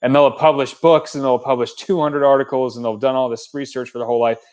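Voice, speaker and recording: A young man co-hosting a casual livestream chat. He talks in an easygoing, chatty way with plenty of fillers, at an ordinary mid pitch. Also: fairly even intonation, fast talker, a little mellow, clear, resonant tone, lo-fi sound. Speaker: podcast co-host.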